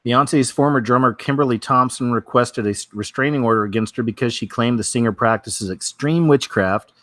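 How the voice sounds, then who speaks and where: A man's voice: medium pitch, a bit bright, no echo, studio quality. A man hosting a casual weekly news show, wry and offhand, with many fillers.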